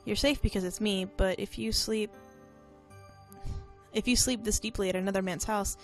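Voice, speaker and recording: Woman doing a soft-spoken clingy game boyfriend, reassuring but kinda controlling, faint music in the back. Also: medium pitch, steady tone, moderate pace, natural voice. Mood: teasing. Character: calm protective young man, gently possessive.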